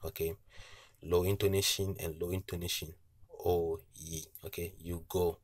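A man teaching a language lesson, patiently repeating each word slowly with tone cues, pausing often with uh and okay. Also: low voice, little pitch movement, no echo. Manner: frequent hesitations with uh and okay. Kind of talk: slow spoken language lesson.

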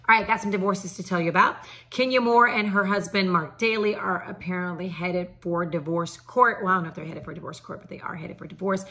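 A woman's voice: medium pitch, sharp tone. A woman hosting a celebrity gossip segment, sassy and chatty, talking straight to her viewers. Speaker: entertainment news host.

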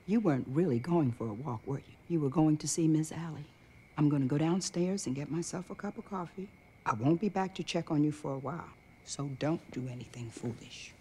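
A knowing night nurse with a low, dark and husky voice. She teases in a dry, matter-of-fact way. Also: fairly quick. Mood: teasing.

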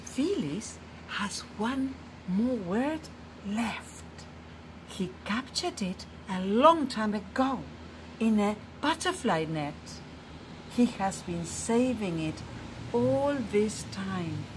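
A woman reading a picture book aloud to children, slow and expressive, dropping to a hushed, tender tone in the quiet passages. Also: medium pitch, noisy background. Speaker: storyteller. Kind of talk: children's story read-aloud.

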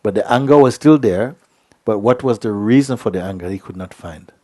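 A man giving a spiritual talk, telling a story in an unhurried way with many hesitations. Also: on the low side, darkish tone. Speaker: spiritual teacher.

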